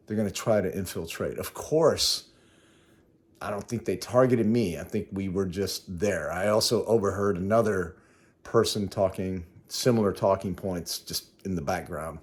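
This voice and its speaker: A man vlogging a casual spoken recap of his day, rambling and correcting himself as he goes. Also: deep voice. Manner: conversational, rambling, self-correcting. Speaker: travel vlogger.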